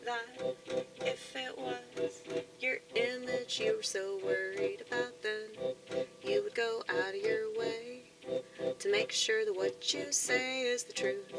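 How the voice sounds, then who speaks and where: A woman's voice: a little high, expressive, slow, loud music behind the voice, low-quality recording. A woman with a Southern US accent, talking in a rambling, casual monologue full of fillers and profanity. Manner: meandering, profane, frequent fillers and short laughs. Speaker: vlogger.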